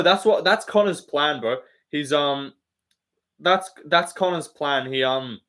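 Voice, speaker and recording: A young man with an Australian accent, talking casually on his live stream. His voice sits a little high, and he rambles through fillers, swears freely and laughs often. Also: fairly bright tone. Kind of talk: casual chat reading live comments.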